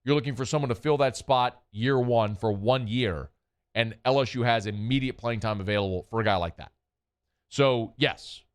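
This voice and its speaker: A man's voice: mid-range voice, moderate pace, clear, resonant tone. A man hosting a sports talk radio show, delivering an opinionated, emphatic monologue with punchy repetition.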